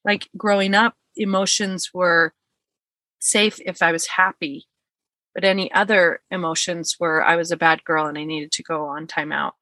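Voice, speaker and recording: A woman's voice: on the low side, steady tone, moderate pace, pushed and bright, no room sound. A woman telling a personal story in casual chat, earnest and heartfelt, acting out what people said. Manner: earnest, heartfelt, acts out quotes.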